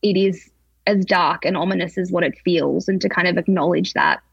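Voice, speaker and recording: Young woman guest, husky gravelly voice, confessional, slightly dull audio. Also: lowish voice, no room sound. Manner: emotional, confessional, halting. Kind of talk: candid personal interview.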